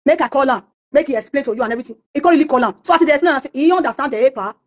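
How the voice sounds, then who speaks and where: A woman's voice: sits high, rapid-fire. A Nigerian woman singer in an interview, telling a story and acting out the words of the people in it. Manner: acts out quoted voices of others while telling stories.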